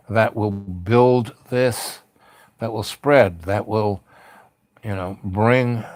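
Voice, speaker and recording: Heard without echo, this man's voice is lowish and darkish in tone. He's the host of a late-night spiritual livestream, speaking in a rambling, meandering, heartfelt manner with plenty of fillers.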